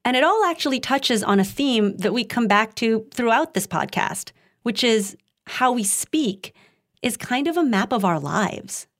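A woman's voice: a little high, lively intonation, a little slow, fairly bright tone. A woman co-hosting a podcast, reading narration and bantering with her co-host.

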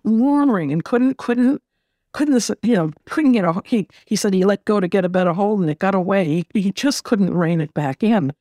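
A middle-aged woman being interviewed, telling a personal story in a gentle, reflective way and often repeating words as she gathers her thoughts. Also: medium pitch, expressive, normal speed, dry recording. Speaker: interview guest.

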